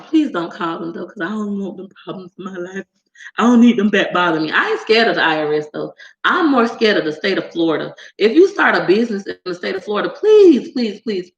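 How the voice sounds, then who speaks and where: Woman vlogger, lively slangy storyteller, mid pitch, echoey room. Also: muffled recording. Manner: animated, slangy storytelling, laughs often. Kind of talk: casual chat.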